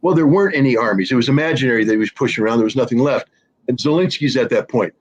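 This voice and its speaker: A man's voice: mid-range voice, rapid-fire, lo-fi sound. A man speaking as a guest commentator in an interview, blunt and sarcastic, with frequent fillers and restarts.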